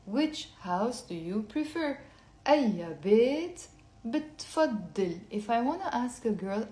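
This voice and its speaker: A woman from Lebanon, teaching a live online language lesson and patiently repeating phrases slowly, then faster. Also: a little high, dark tone, reverberant.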